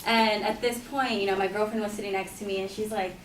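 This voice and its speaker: A woman's voice: mid-range voice, steady tone, fast, a little hiss or hum. A woman casually telling a personal anecdote, chatty and full of "like" and "you know". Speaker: storyteller. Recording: roomy echo, mic at a distance.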